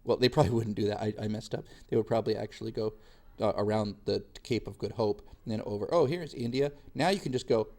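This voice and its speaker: A young man lectures on history in a relaxed, talky way. He leans on slang and sarcasm, and he slips into quick impressions of the people he quotes. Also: lowish voice. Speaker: history teacher. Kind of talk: casual classroom lecture.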